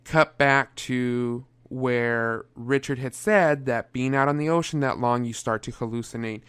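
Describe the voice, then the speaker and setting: A man's voice: medium pitch, a little slow, a bit bright, clear, resonant tone, no room sound. A young man reviewing a movie in a casual, sarcastic way, often breaking into exasperated outbursts.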